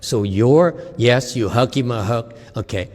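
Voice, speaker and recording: A man's voice: mid-range voice, a little slow, darkish tone, big-room sound. A man as a Chan meditation teacher giving a dharma talk to a group, laughing often and checking in with "okay?".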